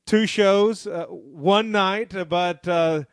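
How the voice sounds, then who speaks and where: A man's voice: high-pitched, slow pace, no echo, clean studio sound. A man co-hosting a radio show in casual chat, jokey and enthusiastic. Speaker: radio co-host. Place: radio studio.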